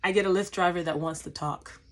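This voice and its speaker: A woman's voice: lowish voice, fairly even intonation, brisk. A young woman, a flight attendant, telling a travel story in a casual vlog, acting out her own lines and using lots of fillers.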